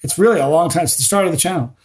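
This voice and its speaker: A man chats as a podcast guest, spinning animated stories with plenty of false starts. His voice sits a little high for a man. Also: rapid-fire. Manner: animated storyteller with frequent restarts. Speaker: guest, spicy food challenge creator. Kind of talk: casual podcast conversation.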